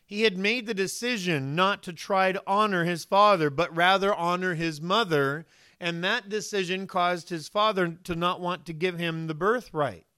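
A man with a high, bright voice preaches to his church. His tone is crisp and smooth, and he tells stories with animation, acting out the voices of the people he quotes. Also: normal speed. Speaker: pastor. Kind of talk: sermon.

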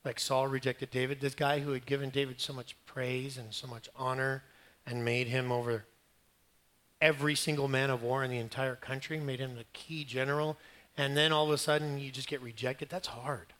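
A man's voice: medium pitch, normal speed. A man preaching a sermon, telling a Bible story in a conversational, humorous way and acting out the quoted lines. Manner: animated storytelling, acting out quotes, rising loud at climaxes.

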